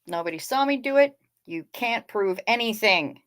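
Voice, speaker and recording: A woman with a bright, forceful voice chats her way through a casual livestream, reading viewer comments aloud and answering them. The sound is close and dry, with no room echo behind her. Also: medium pitch, lively intonation, moderate pace. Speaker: livestream host.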